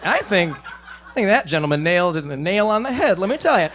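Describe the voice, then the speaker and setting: A male stand-up comedian performing for a live club audience, animated and self-deprecating, often slipping into silly voices. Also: high voice, brisk, noisy background.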